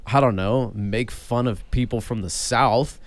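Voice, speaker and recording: A man, a pastor, chatting casually on a church podcast, rambling with many restarts and animated asides. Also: medium pitch, a little slow, no echo. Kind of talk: casual chat.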